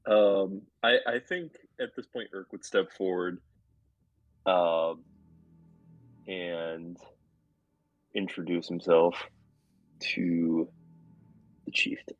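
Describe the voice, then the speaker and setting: Deep, slow male player, hesitant; dull dry lo-fi mic. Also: steady tone, no room sound. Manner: hesitant, with many fillers. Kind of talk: playing a tabletop game.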